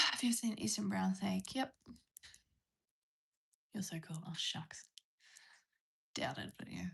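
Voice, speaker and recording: A woman's voice: mid-range voice, expressive, slow pace, gravelly, long pauses, sharp tone, husky. Australian woman, live streamer, casual chat, reads out viewer questions, rambly and conversational. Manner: chatty, reads viewer questions aloud and rambles through answers.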